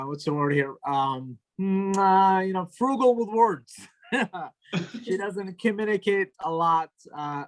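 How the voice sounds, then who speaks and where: Young man telling a stand-up story. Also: high-pitched. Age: young adult. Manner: storytelling, deadpan, trailing into laughter. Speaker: stand-up comedian. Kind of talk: stand-up comedy set over video call. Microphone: video call.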